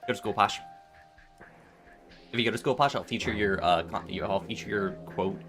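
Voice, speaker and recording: A man's voice: on the low side, normal speed, music in the background. A man in his twenties streaming while gaming, chatting casually and telling rambling stories with many restarts. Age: 20s. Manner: rambling storytelling with frequent restarts.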